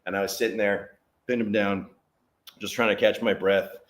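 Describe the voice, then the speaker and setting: Here a man who runs a business is a guest in a conversation, telling a story at normal speed in a fairly low voice. He's an animated storyteller who voices the other people's lines himself.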